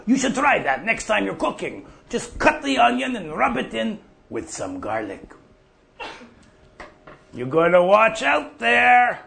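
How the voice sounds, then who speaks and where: Man as an old farmer, gravelly, slow, lively high voice, folksy, profane. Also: full character voice. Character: older male prairie farmer off the drink, gruff storyteller. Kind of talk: monologue.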